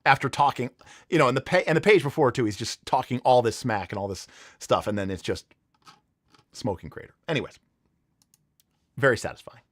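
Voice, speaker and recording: A man's voice: mid-range voice, brisk, pauses often, no echo. A man in the middle of his range hosts a casual livestream, rambling through a story with plenty of "um"s and "you know"s. He sounds eager and carried away by his own telling. The sound is dry and close, with no room around it. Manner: rambling, enthusiastic storytelling with many fillers. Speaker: livestream host.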